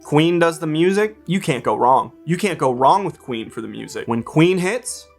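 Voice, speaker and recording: A man's voice: on the high side, expressive, normal speed, vocal fry, faint music behind. Wry man reviewing a movie. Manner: wry and joking, with casual swearing. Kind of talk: casual vlog commentary.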